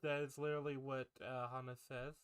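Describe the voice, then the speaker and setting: A man's voice: medium pitch, flat delivery, a little fast, crowd noise. A man co-hosting a casual film discussion podcast, recapping scenes in a loose, profane way. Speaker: podcast co-host.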